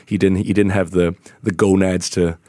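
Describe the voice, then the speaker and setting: Man, low voice, dry close sound, warm rambling anecdotes, interview guest. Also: level tone, moderate pace, dry recording. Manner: warm storytelling with laughs and many restarts. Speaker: guest, golf commentator. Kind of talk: remembering a late friend in a radio interview.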